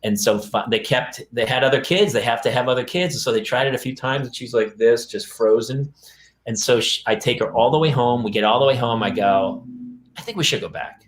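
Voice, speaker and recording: A man's voice: mid-range voice, fairly quick, roomy sound. A middle-aged man, co-host of a parenting podcast, casually telling a long story and acting out the lines of the people in it. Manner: animated, acts out dialogue in quoted voices.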